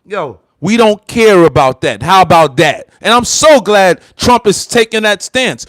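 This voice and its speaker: A man's voice: high-pitched, animated, a little slow, few pauses, a bit bright, dry recording. An American man hosting a heated political commentary livestream, fired up and repeating himself as he talks straight to viewers. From United States. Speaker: livestream host.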